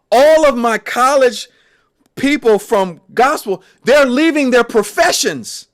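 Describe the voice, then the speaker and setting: Casting note: gospel musician, male, higher register, lively and emphatic when recounting stories. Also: slow pace. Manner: animated, emphatic storyteller. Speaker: gospel musician and podcast guest. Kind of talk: personal storytelling in conversation.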